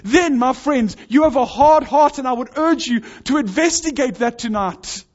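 Earnest high-voiced preacher, dull lo-fi sound. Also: male voice, moderate pace. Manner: earnest, urging, builds in intensity. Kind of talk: sermon.

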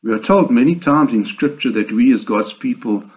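A man delivering a sermon in a measured, earnest way, with slow emphatic pauses. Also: mid-range voice, animated, darkish tone, rough recording. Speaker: preacher.

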